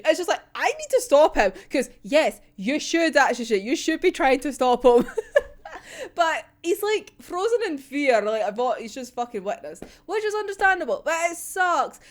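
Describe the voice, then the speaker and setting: A woman reacting to a manga chapter in casual, animated chat, swearing freely and laughing often. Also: sits high.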